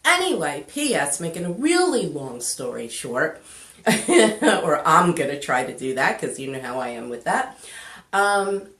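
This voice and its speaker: A woman who works as a spiritual coach tells a touching story in an unhurried, heartfelt way. Her voice sits a little low, and she takes on the voices of the people in the tale. The sound carries a clear echo, as if recorded in a bare room. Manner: animated, quotes characters in voices, tearful at moments. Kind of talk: emotional storytelling.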